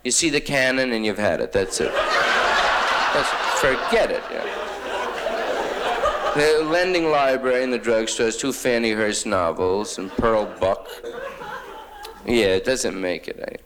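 A man's voice: medium pitch, a little slow, long pauses. A man from New York doing a rambling, wry stand-up monologue full of hip jazz slang. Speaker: stand-up comedian. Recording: noisy old live recording with clicks.

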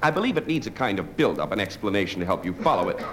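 Male stand-up comic, dry and wry, animated pitch, noisy live recording. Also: racing. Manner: dry, wry delivery with hesitant fillers. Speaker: stand-up comedian. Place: stage before a live audience.

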